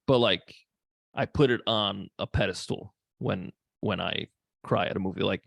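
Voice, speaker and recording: Gravelly man chatting on a podcast. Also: sits low, moderate pace, a bit bright, no echo. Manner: easygoing, swears casually. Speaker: podcast co-host; second grade teacher. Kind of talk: casual chat.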